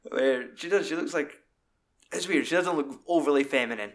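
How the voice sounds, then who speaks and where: A man in casual, sweary film chat, acting out scenes in high put-on voices. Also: normal speed.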